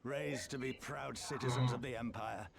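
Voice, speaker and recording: An actor with a Scottish accent playing a bitter, grieving middle-aged rebel leader in a video game, with a gravelly voice and a mournful, weary delivery. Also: male voice, medium pitch, steady tone, moderate pace, a crowd in the background, close to an everyday voice. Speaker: game cutscene character.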